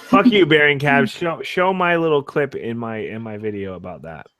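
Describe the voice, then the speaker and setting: A man's voice: mid-range voice, moderate pace, fairly bright tone, dry recording, clean studio sound, soft background music. A man joking and cutting in often during a casual group chat among online creators. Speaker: YouTuber guest.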